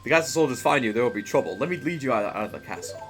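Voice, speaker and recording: A man voicing a huge, stern female warrior guardian from a video game, reading her lines in a low, hushed, solemn way with a slight put-on Russian accent. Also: expressive, very fast, faint music behind, natural voice. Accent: slight put-on Russian tint. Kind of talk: reading game dialogue aloud.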